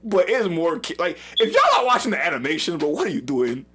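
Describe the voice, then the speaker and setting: A man co-hosting a casual fan review chat, animated and excitable, laughing often. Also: a little high, fast, slight background noise. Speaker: co-host of a fan review show.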